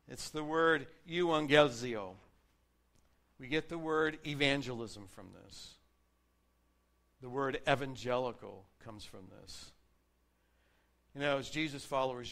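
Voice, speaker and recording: With a mid-range voice, a man delivers a sermon, reading scripture earnestly and explaining it while shifting his loudness to stress key points.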